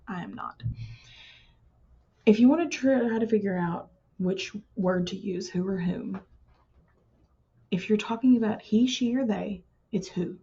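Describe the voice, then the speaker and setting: A woman's voice: on the low side, dark tone, breathy edge, muffled recording. A woman teaching writing to her students in a recorded lesson, explaining patiently and plainly, drawing words out for emphasis.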